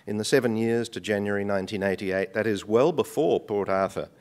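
A man giving a conference talk in a measured way, sometimes repeating words as he restarts. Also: lowish voice, a little mellow, smooth. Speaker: conference speaker. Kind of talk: academic presentation.

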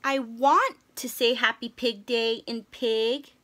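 A gentle, sorry young storybook elephant, as a woman reading aloud puts him on. He talks slowly and earnestly. The voice is high and bright. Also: steady tone. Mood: sad. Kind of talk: children's storybook read-aloud.

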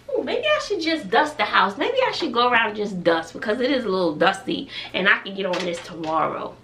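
A woman's voice: mid-range voice, big pitch swings, fairly quick, hardly any pauses, fairly bright tone, recorded from a distance. Chatty woman in echoey room. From Texas. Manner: chatty, muses aloud to herself. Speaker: family vlogger. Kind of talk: casual talking to camera. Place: bedroom at home. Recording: echoey room, voice off-mic, faint noise.

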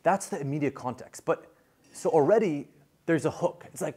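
A man lecturing a class in a casual, animated way, full of fillers and quick restarts. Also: a little high, breathy edge.

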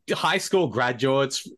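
A man co-hosting a podcast over a video call, talking in an animated, conversational way. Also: medium pitch. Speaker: podcast co-host. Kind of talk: casual chat.

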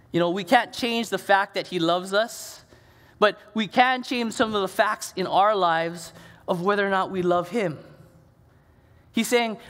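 Animated preacher in a reverberant church. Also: male voice, sits high. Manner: conversational, repeats words, animated. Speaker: pastor. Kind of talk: sermon. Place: church sanctuary.

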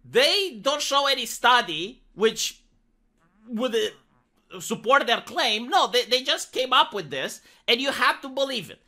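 Animated sarcastic woman ranting. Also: fairly high pitch, a little slow. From Romania. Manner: sarcastic, exclamatory, swearing. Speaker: commentary vlogger. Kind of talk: ranting commentary.

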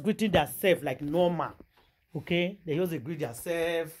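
A woman with a Nigerian accent telling a gossip story in a casual vlog, animated and exclamatory, mixing Pidgin and English. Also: deep voice, normal speed, breathy edge. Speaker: gossip vlogger.

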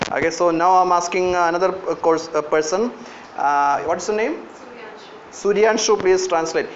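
A man's voice: high-pitched, a bit bright. A man with an Indian English accent giving a classroom lecture on Japanese, coaxing students with lots of fillers and calling on them by name. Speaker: university lecturer teaching Japanese. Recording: echoey lo-fi classroom recording.

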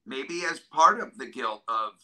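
A middle-aged man from New York State, talking in an interview about hard times in an earnest, halting way that keeps getting emotional. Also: mid-range voice, lively intonation, bright, forceful tone, poor audio. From New York State, USA. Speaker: drummer and guest.

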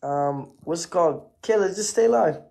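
A man's voice: fairly high pitch, expressive, moderate pace, gravelly, a little mellow. A man streaming live, thanking viewers for their gifts in laid-back casual chatter. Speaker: livestreamer.

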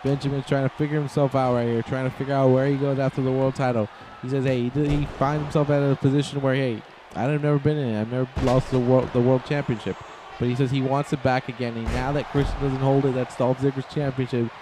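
A man giving excitable, rambling play-by-play commentary over a wrestling video game, shouting on the big moves. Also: medium pitch, fast, noisy background.

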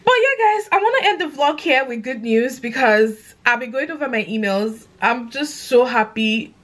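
A young woman with a London accent, chatting excitedly to camera in a casual vlog, gushing and animated. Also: on the high side, normal speed. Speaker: content creator.

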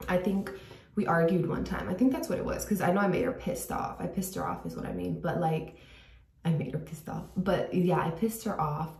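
A woman's voice: fairly low pitch, creaky, a little mellow, distant mic. A young woman telling a personal story to her viewers in casual chat, full of "like" fillers and sometimes dropping to a whisper, recorded in a bathroom at home. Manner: chatty, many "like" fillers, drops to a whisper at times. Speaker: vlogger. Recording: echoey room, voice a bit off-mic.

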